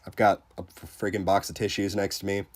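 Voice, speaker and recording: A man with a deep, low voice talks casually to his livestream viewers while fighting a cold. He sounds congested and under the weather. His speech rambles along in a relaxed way, full of fillers. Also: fairly quick. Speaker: game streamer reading chat.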